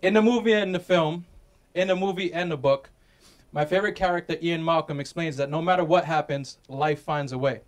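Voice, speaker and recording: A man's voice: on the high side, brisk. A man, the groom, reading his wedding vows in a light, joking manner. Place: outdoor wedding venue.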